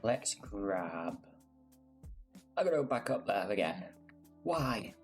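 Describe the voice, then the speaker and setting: A man's voice: fairly low pitch, very animated, slow pace, loud music behind the voice. A man giving casual gameplay commentary as a gaming creator, playful, rambling and self-mocking.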